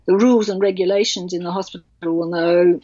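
A woman author telling a personal story in an interview, halting and emotional with many restarts. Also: on the low side, steady tone, warm tone, no room sound. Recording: dull, dry sound.

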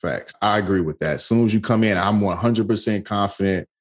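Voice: sits low, a little fast. A host coach in a casual interview, affirming and encouraging in slangy talk.

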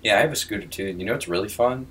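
A man's voice: fairly low pitch, rapid-fire, fairly bright tone, slight background noise. A teenage boy co-hosting a podcast, laid-back and a bit sleepy in casual chat. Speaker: podcast co-host.

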